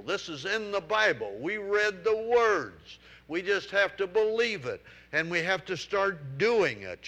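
A man's voice: a little high, pushed and bright. A male preacher delivering a sermon to a congregation, exhorting with emphatic repetition. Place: room with congregation.

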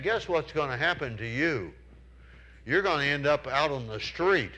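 Bright-voiced male preacher telling folksy stories. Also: fairly high pitch, lively intonation, moderate pace, poor audio. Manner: folksy storytelling, asks the congregation questions; acts out characters in raised voices. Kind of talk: sermon.

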